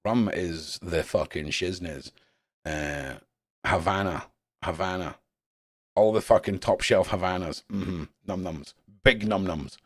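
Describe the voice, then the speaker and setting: A Scottish man hosting a live stream, chatting casually with his viewers in a blunt, animated way and swearing constantly. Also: low voice, takes it slowly, no room sound, studio quality. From Scotland. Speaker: live-stream host reading chat. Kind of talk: casual rambling chat.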